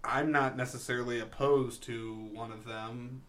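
A man's voice: medium pitch, fairly even intonation, unhurried, fairly bright tone. A young adult man hosting a casual podcast chat, rambling with frequent restarts. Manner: rambling, lots of likes and restarts. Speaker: podcast host.

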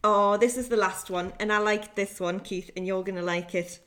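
A woman's voice: mid-range voice, fairly even intonation, moderate pace, a bit bright. A young woman co-hosting a casual chat podcast, swearing freely, laughing often and reading out listener stories. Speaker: podcast co-host.

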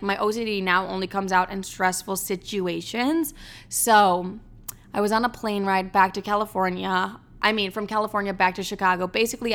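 Young woman, casual storyteller, bright clear voice, swears a lot, acts out dialogue. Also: mid-range voice. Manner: profane, animated, acts out quotes.

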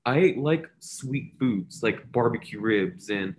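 Man, 20s, podcast guest, casual chat, mid pitch, emphatic, repeats points. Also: animated, takes it slowly, a little mellow, slight background noise.

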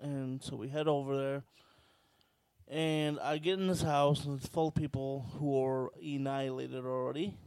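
A man's voice: mid-range voice, moderate pace, clean tone, no room sound. A man casually telling a wild, crude story on a podcast, swearing freely. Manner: crude, profane, animated storyteller.

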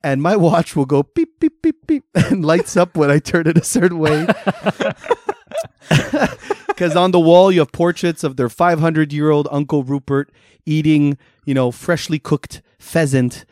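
A man's voice: fairly high pitch, steady tone, moderate pace, darkish tone, dry recording, clean studio sound. A man co-hosting a casual chat, spinning a playful story and laughing often. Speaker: podcast co-host.

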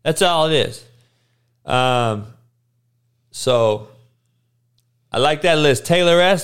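A man's voice: a little high, smooth. Hungover male stream host, sluggish and profane, clean resonant voice. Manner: crude, blunt trash talk with frequent swearing; slow, monotone delivery. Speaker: live-stream host reading chat. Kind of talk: casual profane live-stream chat.

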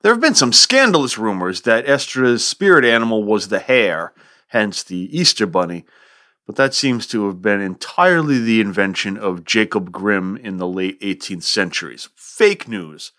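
A man's voice: lowish voice, animated, normal speed, pushed and bright. Wry man lecturing on an old poem. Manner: wry, joking asides. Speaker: podcast host. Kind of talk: literature lecture with a poem reading.

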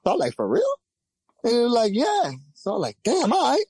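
A young man from Louisiana with a Louisiana accent, telling a profane, lively story as a podcast guest and acting out the voices of the people in it. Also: fairly quick, husky, dry recording. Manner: lively, profane, acts out quoted voices with big pitch jumps. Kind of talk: animated storytelling.

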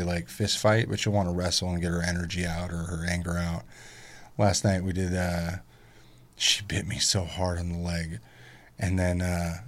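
A man in his thirties chatting casually as a podcast guest, telling family stories animatedly, swearing freely and mimicking squeaky kid voices. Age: 30s. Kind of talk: casual chat.

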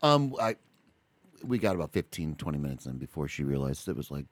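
A middle-aged man co-hosting a podcast in casual chat, rambling and animated, full of restarts and asides. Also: a bass voice, brisk, no room sound. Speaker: podcast co-host.

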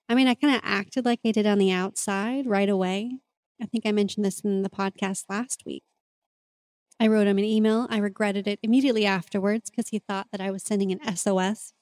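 In a dry recording with no room sound, a woman with a mid-range, darkish voice hosts a podcast. An adult parent and mentor, she delivers a reflective monologue that feels candid, sincere and confessional.

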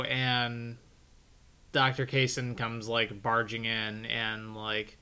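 A man co-hosting a casual podcast, retelling scenes in an animated, exasperated way. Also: mid-range voice, slow, clean tone. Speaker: podcast co-host. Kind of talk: casual chat.

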